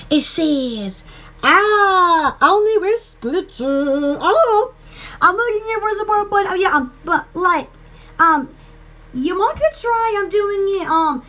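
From her home in the woods, a Southern US woman with a very high voice hosts a casual live stream for her online shop. She's giggly and excitable, rambling along with plenty of fillers.

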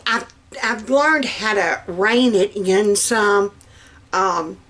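A woman's voice: medium pitch, fairly bright tone. A middle-aged woman with a Southern US accent chatting casually as she cooks in her home kitchen, rambling along with plenty of "um"s. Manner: chatty, rambling, with drawn-out words and many "um"s. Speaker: cooking vlogger. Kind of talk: casual cook-along chat.

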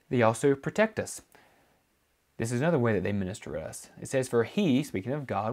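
A man's voice: mid-range voice, darkish tone. A man preaching a teaching sermon, explaining scripture in a loose way with frequent fillers and restarts. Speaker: pastor.

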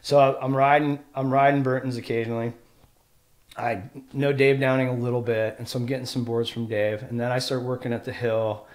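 A middle-aged man from Washington State tells a long story as a podcast guest. His voice sits in a middle pitch but leaps high and loud whenever he acts out what someone said, then drops back to an easy, casual telling. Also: brisk. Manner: animated storyteller who acts out quotes with jumps in pitch and loudness. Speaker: podcast guest, pro snowboarder.

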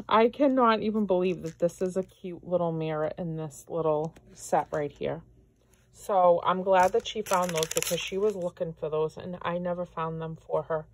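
A woman's voice: lowish voice, a little mellow, a little hiss or hum. A woman vlogger opening mail from friends, gushing and effusive and moved to tears as she talks. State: tearful. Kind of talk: casual unboxing chat.

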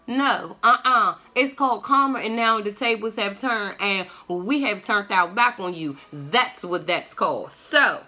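A woman's voice: mid-range voice, measured pace, hardly any pauses, bright, forceful tone. A woman doing a tarot reading on camera, talking in a blunt, sassy and profane way. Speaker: tarot reader.

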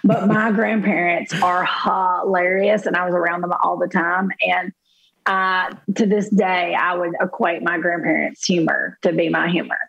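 Bubbly Southern woman with a husky voice. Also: lowish voice, moderate pace, highs cut off. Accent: Southern American. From American South. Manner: bubbly, animated storyteller. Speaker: podcast guest. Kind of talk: casual chat.

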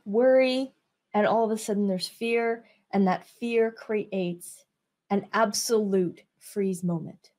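A woman's voice: on the high side, darkish tone. A woman business coach talking casually to camera, drawing out her words and checking that listeners follow her. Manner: unhurried, drawn-out words, asks listeners if they follow.

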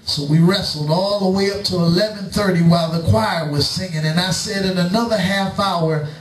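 A middle-aged man preaching in a church, telling a story slowly and acting out both sides of a conversation. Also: high voice, far from the mic. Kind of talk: sermon storytelling. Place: church sanctuary. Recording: echoey church, preacher away from the mic.

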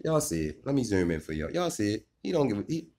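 Laid-back, joking man with a lowish voice. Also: big pitch swings, fast, mellow. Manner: laid-back, joking, repeats "you know what I mean". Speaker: dog owner and vlogger. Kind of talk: casual vlog chat.

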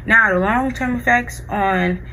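A woman's voice: on the high side, a little slow, pushed and bright, slight background noise, low-quality recording. A woman vlogger in casual chat, rambling with lots of likes and restarts.

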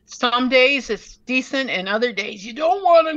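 A woman's voice: fairly high pitch, lively intonation, moderate pace, a bit bright, dull audio. A woman co-hosting a casual spiritual podcast, chatty and self-deprecating, her throat a bit irritated from smoke. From United States. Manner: chatty, self-deprecating, laughs at own stories. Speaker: podcast co-host.

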